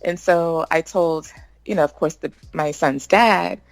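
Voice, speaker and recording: Woman, 30s, podcast guest, lowish voice, lively storyteller acting out quotes, faint music underneath. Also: unhurried, gravelly, poor audio. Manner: warm storytelling, acts out quotes, laughs often. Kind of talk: casual interview chat.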